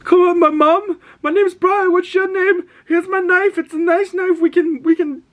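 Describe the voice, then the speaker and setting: A desperate young man, badly wounded, begs and bargains in a frantic, rambling rush, as a man puts him on. His voice jumps far up into a thin, strained pitch. He sounds like he is on the edge of breaking down. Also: fairly even intonation, normal speed. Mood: desperate pleading.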